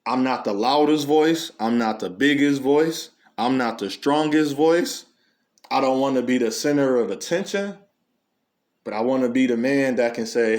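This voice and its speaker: A man, delivering an unscripted monologue in a preachy way, full of rhetorical questions and animated storytelling. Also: mid-range voice, normal speed. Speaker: commentary channel host.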